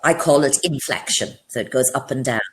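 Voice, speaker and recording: An older woman, a speech and drama teacher, coaching a student over a video call in an expressive, instructive way. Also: rumbling low, fairly quick. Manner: expressive, instructive, demonstrates with her voice. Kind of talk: one-on-one online coaching.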